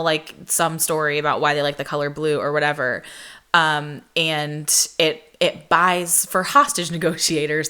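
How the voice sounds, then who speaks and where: Young woman, podcast host, low-pitched, bright and sharp tone, casual animated storytelling, lots of fillers. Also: clear, resonant tone. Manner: animated, frequent "like" fillers, quotes people in higher voices.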